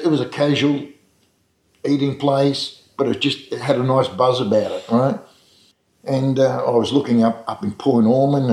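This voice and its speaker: A man's voice: mid-range voice, darkish tone. Rambling Australian man in an echoey room. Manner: rambling anecdotes with frequent restarts and fillers. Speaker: restaurant owner recalling his past. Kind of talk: casual storytelling interview.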